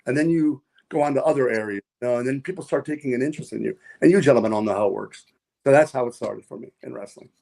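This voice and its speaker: A man's voice: medium pitch, fast talker, gravelly, a little mellow. Rambling man telling stories. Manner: rambling, repeats words, many fillers. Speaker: podcast guest, wrestler and pilot. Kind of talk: casual storytelling interview.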